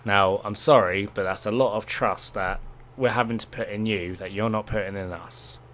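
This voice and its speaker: A man voicing a smug, distrustful male head scholar who needles with sarcastic questions in a somewhat low voice. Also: steady tone, moderate pace, fairly bright tone, lightly acted. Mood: indignant.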